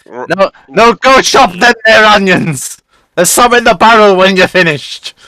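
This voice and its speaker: A man's voice: high voice, expressive, measured pace, pushed and bright, dry recording, voice pushed up, heavily acted. A man voicing a crude male pirate ship's cook who keeps calling people laddie. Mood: pushy. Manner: calls everyone laddie, pushy, offers food.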